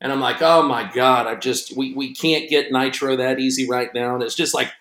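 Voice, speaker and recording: A man co-hosting a podcast, telling an animated story and acting out both sides of a phone call. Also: mid-range voice, moderate pace, reverberant. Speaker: podcast co-host and racing announcer.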